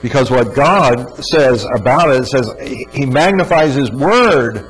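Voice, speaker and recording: A man's voice: mid-range voice, lively intonation, measured pace, few pauses, slightly rough, poor audio. A man giving an earnest, emphatic religious teaching talk, often repeating words for stress. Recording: faint mains hum.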